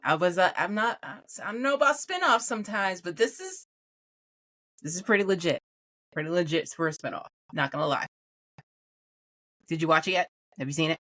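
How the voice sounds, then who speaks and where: A woman co-hosting a podcast in casual chat, talking in an animated, opinionated and emphatic way. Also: fairly low pitch, brisk, long pauses, no room sound. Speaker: podcast co-host.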